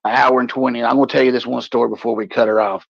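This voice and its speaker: A gravelly, husky man in his forties tells a raunchy story with lots of swearing. He co-hosts a casual talk show, and the sound is dry and dull. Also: racing, dry recording. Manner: profane, animated storyteller, puts on high voices for quoted people. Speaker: podcast co-host.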